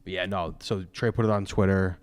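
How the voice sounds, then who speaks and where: A man's voice: sits low, steady tone, a little fast, smooth. A young man hosting a podcast, chatting loosely and jokily about sports into a microphone at home. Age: young adult. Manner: loose, rambling, jokey. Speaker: podcast host. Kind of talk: casual sports chat. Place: room at home. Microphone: studio microphone.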